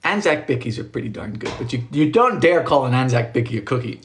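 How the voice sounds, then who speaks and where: Guy doing a kitchen livestream, super animated voice jumping up and down, chatty and jokey, reading out comments. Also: medium pitch, quick pace, few pauses, a little hiss or hum. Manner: chatty, reads viewer comments aloud, jokey asides. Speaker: home baker livestreaming. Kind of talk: casual live-stream chat. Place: home kitchen.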